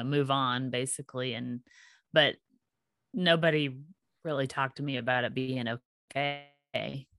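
A woman hosting a casual conversation, speaking in a thoughtful, halting way. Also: very deep voice, a bit bright, clear, resonant tone, no room sound, clean studio sound.

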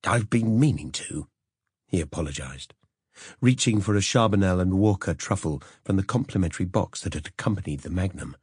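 A man narrating an audiobook in a measured storytelling manner. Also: low-pitched, lively intonation, a little mellow, breathy edge, dry recording, clean studio sound. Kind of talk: scripted narration.

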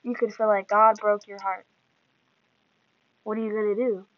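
A woman's voice: medium pitch, level tone, normal speed, no echo. A woman hosting a podcast, giving an earnest, emotional devotional talk in a preaching manner. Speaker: podcast host. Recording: dull lo-fi dry sound.

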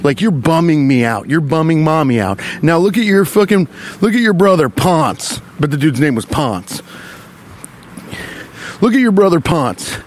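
A man voicing an exasperated, crude-mouthed mother scolding her children in a low, drawling tone. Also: sing-song, normal speed, a little hiss or hum.

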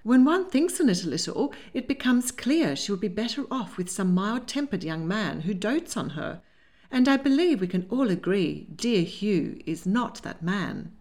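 A woman's voice: mid-range voice, sing-song, moderate pace, darkish tone. A woman voicing a worried middle-aged genteel mother who speaks in a fretful, conciliatory way.

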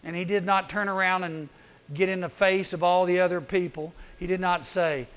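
A man, a youth camp speaker, giving a humorous sermon. He is animated, acts out quick voices and adds teasing asides. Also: sits high, clean tone.

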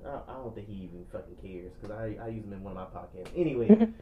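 A man's voice: on the low side, lively intonation, quick pace, warm tone, a little hiss or hum. A man telling a long, profane story on a casual podcast, acting out every line of dialogue. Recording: echoey room.

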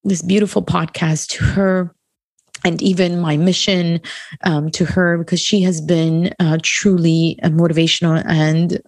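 A woman hosting a podcast who speaks in an emotional, halting way with many fillers, dedicating her show. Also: on the low side, flat delivery, darkish tone, no echo, studio quality. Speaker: podcast host.

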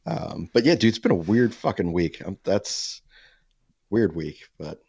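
A very low-voiced man hosts a podcast and talks in a loose, swearing ramble that keeps restarting itself. The sound is dry and close, with a slightly dull, lo-fi tone. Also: animated, unhurried, creaky, dark tone, breathy edge, no room sound. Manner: rambling, profane storytelling with many restarts. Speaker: podcast host. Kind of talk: casual podcast chat.

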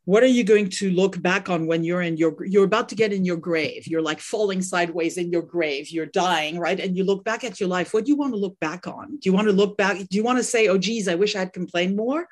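Woman, middle-aged, French accent, parenting coach, earnest, repeats words, podcast guest. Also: fairly low pitch. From France. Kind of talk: podcast interview.

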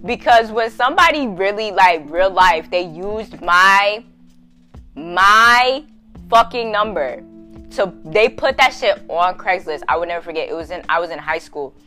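A young adult woman hosting a podcast, telling a story in a casual, profane, slangy way and laughing loudly, with faint music behind her. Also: medium pitch, expressive, a little slow. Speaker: podcast host.

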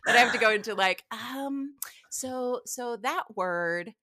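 A woman in her thirties chatting casually on a podcast, telling animated stories about her young son and acting out his lines. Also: a little high, measured pace, slight background noise. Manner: animated storyteller who acts out her child's lines. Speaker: podcast guest. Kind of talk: casual chat.

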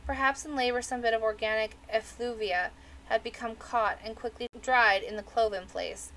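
A woman's voice: on the high side, steady tone, moderate pace, a bit bright, slight background noise, low-quality recording. Woman reading a novel aloud. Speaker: audiobook reader. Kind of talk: storybook narration.

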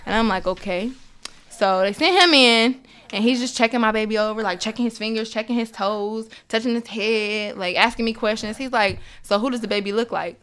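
A woman's voice: on the high side, a little fast, a bit bright, clean tone. A young woman, a mother, telling an emotional personal story as an interview guest, acting out quoted dialogue and laughing often.

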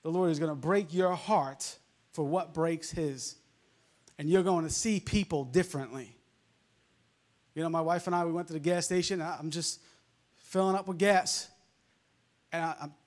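A male preacher with a softened New York accent, delivering a fervent sermon full of amens and hallelujahs. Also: fairly high pitch, normal speed, long pauses. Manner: fervent, peppered with amens and laughs.

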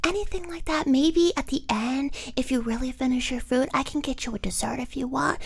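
A woman voicing a doting, overbearing waitress who means well, in a soft breathy whisper, as whispered role-play. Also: sits high, fairly quick, pitched above the performer's own voice, heavily acted. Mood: fussing sweetly. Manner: fussing, overly attentive.

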